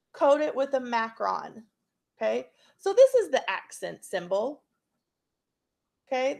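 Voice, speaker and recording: A woman teaching a phonics and spelling lesson to young students, patient and checking in often. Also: on the high side. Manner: slow, patient, checks in with frequent "okay?".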